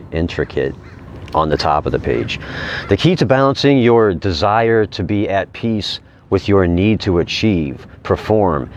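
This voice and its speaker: A man reading inspirational quotes aloud and commenting on them casually, repeating key phrases slowly for emphasis. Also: low-pitched, lo-fi sound, a little hiss or hum. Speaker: vlogger.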